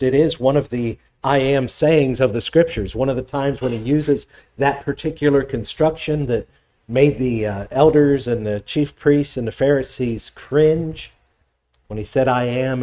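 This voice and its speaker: A man delivers a teaching sermon in a mellow, relaxed voice, thoughtful and steady. He stops now and then to restart a phrase. When he reads scripture aloud, his voice rises for emphasis. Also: mid-range voice. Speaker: pastor. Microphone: presenting with slides on screen.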